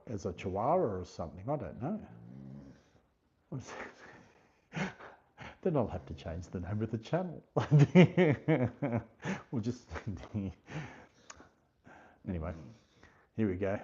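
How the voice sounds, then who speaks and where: A low, mellow-voiced Australian man hosts a relaxed livestream and chats easily with his viewers. He reads their comments aloud, thanks them by name and laughs often. His voice comes through a husky, dull lo-fi stream. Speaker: livestream host. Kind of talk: casual chat, reading viewer comments aloud.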